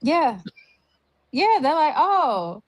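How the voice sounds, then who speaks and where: A woman's voice: medium pitch, expressive, takes it slowly, dry recording, dull audio. A woman co-hosting a show review, ranting in an exasperated way with lots of "like" and fillers. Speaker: podcast co-host. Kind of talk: casual review chat.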